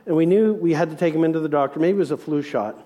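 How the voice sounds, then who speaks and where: A middle-aged man preaching a sermon as pastor, asking rhetorical questions with emphasis and dropping soft for reflective points. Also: fairly high pitch, fast talker.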